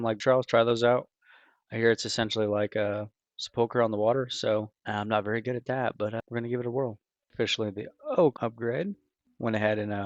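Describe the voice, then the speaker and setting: A man's voice: on the low side, no room sound. Rambling man on a dull, lo-fi mic. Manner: loose, rambling, with many fillers and restarts. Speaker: gaming video creator. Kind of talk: casual gameplay commentary. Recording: dull, lo-fi, dry voice recording.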